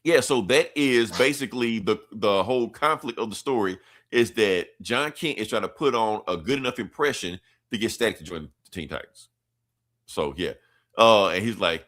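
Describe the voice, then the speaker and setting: Low-voiced man rambling through a comic recap. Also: brisk, a bit bright. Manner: rambling, slangy, profane, offhand. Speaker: podcast host.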